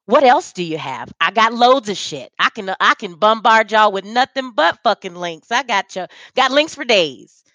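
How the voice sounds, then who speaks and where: A woman's voice: mid-range voice, expressive, normal speed, pushed and bright, dry recording. A woman guest talking on a video call, emphatic and profane, often restarting her sentences. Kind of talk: casual conversation.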